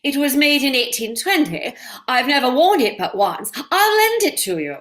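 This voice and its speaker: A woman's voice: sits high, sing-song, normal speed, fairly bright tone. A woman reading a soothing older aunt. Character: older aunt, motherly, lends her 1820 wedding dress. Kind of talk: amateur play reading.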